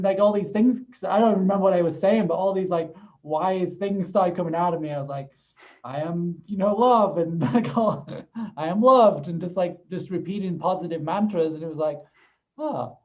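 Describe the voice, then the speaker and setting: A man with a notably high voice tells a personal story in earnest, laughing easily along the way. His sound is dull and a bit muffled, as if recorded lo-fi. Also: darkish tone. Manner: earnest, laughs often while sharing a personal experience. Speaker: podcast co-host. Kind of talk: casual conversation.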